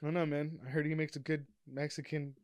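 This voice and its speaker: A young man co-hosting a comedy podcast who rambles crudely and leans on "like." His voice is somewhat high. The recording is close and dry. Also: level tone, fairly quick, darkish tone, dry recording. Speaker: podcast co-host. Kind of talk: casual comedic chat.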